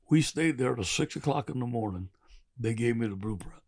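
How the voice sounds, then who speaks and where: An older man with a gravelly voice, telling rambling, animated stories with laughs as a podcast guest. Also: medium pitch, fairly quick. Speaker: guest football coach. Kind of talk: podcast storytelling.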